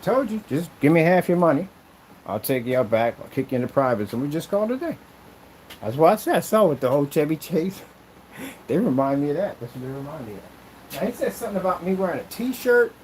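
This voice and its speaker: A man's voice: a little high, big pitch swings, quick pace, darkish tone, a little hiss or hum, rough recording. A man who makes projection screens, ranting in a casual vlog with an aggrieved, rambling, repetitive way of talking. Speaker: projection screen maker and seller.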